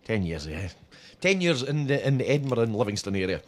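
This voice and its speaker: A man's voice: mid-range voice, sing-song, brisk. A man hosting a local radio interview, asking questions in a chatty way with frequent stumbling restarts. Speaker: radio host. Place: radio studio.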